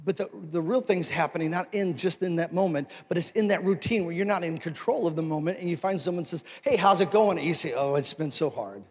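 A male pastor preaching a sermon, moving from conversational talk to forceful exhortation. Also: fairly high pitch, fairly quick, few pauses, in a large hall.

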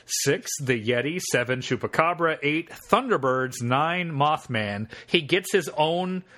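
A man co-hosting a casual podcast, reading a course listing aloud with amused, deadpan asides. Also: on the high side, unhurried. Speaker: podcast co-host.

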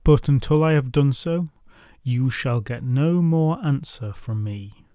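Booming giant king, stern and slow, put on by a male narrator; mellow, dry. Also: no room sound, close to an everyday voice.

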